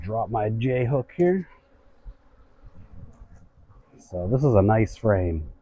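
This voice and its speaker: A man's voice: on the low side, lively intonation, a little slow, warm tone, lo-fi sound. A man working as a beekeeper, patiently explaining what he does while he inspects a hive outdoors. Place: outdoors at a beehive.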